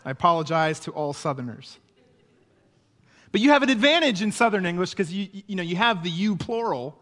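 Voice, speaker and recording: A man's voice: high voice, animated, a little fast, a bit bright, long reverb tail. A man preaching a sermon in a conversational way, often checking in with his listeners. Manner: conversational preaching with frequent "right?" asides. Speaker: pastor.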